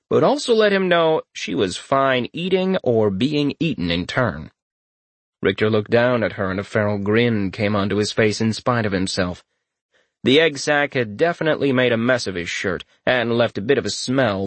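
Male narrator, mid pitch, dry studio sound, wry fantasy audiobook reading. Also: no echo.

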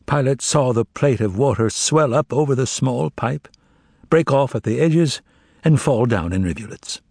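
A man giving a measured, dramatic audiobook narration of a novel. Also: mid-range voice, animated, vocal fry, darkish tone, husky, no room sound, studio quality. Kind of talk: scripted literary narration.

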